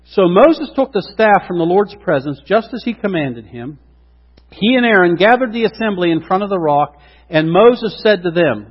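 A middle-aged man preaching a sermon, acting out quotes with lively asides to the congregation. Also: sits high, normal speed. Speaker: pastor. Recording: dull lo-fi sound with long hall reverb.

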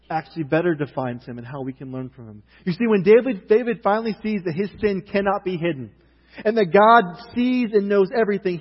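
A high-voiced man preaching a sermon, telling the story with lively, emphatic build-ups. His voice rings with a long hall reverb and a slightly muffled, dull sound. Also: breathy edge. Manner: storytelling, animated retelling with rising outrage.

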